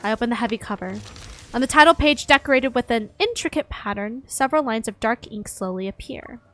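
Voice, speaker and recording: Young woman streamer, a bit high, reading game story aloud with quips, soft music behind. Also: lively intonation, brisk. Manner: reads narration, breaks off into joking asides.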